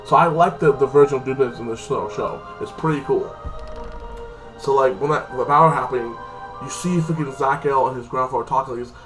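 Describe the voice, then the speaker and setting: In this low-quality recording, the TV episode reviewer sits far from the mic with music behind him, speaking fairly quickly in a medium pitch. He wanders through the plot recap, cursing casually and repeatedly saying "like this" and "like that."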